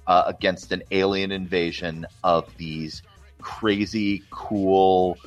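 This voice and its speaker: A man's voice: deep voice, steady tone, slow pace, dull audio. A man co-hosting a casual movie podcast, talking enthusiastically and rambling with restarts. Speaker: co-host.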